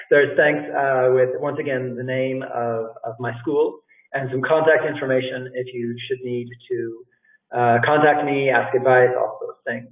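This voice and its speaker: This is a medium-pitched, unhurried man with a steady tone, a middle-aged English teacher and language school director. He gives learners relaxed job interview advice live, addressing them as "guys" and repeating himself. Audio is echoey, far off, and thin like a phone line.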